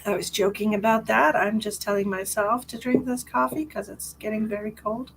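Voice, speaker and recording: A woman's voice: moderate pace, vocal fry, a little hiss or hum, rough recording. Chatty gushing psychic woman in her forties. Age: 40s. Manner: chatty and rambling, laughs often, gushing warmth toward viewers; frequent restarts and fillers, sudden high excited greetings. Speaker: psychic medium. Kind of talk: live-stream psychic reading, casual chat.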